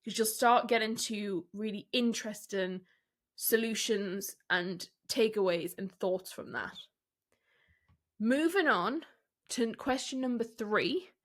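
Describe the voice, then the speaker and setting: In a mid-range voice, a woman runs a solo business podcast. She coaches her audience directly and candidly, mixing in rhetorical questions and brief bursts of laughter.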